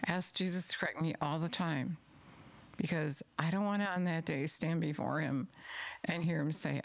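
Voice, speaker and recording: Low, gravelly-voiced woman preaching. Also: normal speed, no room sound. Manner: earnest, emphatic, repeats words. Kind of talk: sermon with scripture reading.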